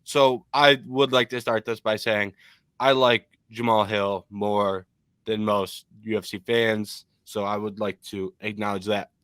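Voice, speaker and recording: A young adult man from Michigan co-hosting a casual MMA podcast, opinionated and animated with frequent ums. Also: on the low side, a little slow, smooth, dry recording, studio quality.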